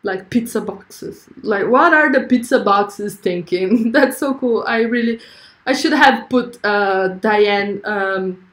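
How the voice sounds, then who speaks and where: A woman's voice: medium pitch, slow, fairly bright tone, reverberant. A young woman hosting a livestream, chatting effusively and reading viewer comments aloud. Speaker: livestream host. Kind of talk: casual livestream chat.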